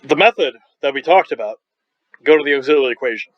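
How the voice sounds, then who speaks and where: A man's voice: mid-range voice, expressive, quick pace, dry recording. A man from Long Island teaching a recorded online math lecture, enthusiastic and joking, wandering into rambling asides, with a slightly scratchy throat. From Long Island, New York. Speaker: math professor. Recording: dull, dry lo-fi recording.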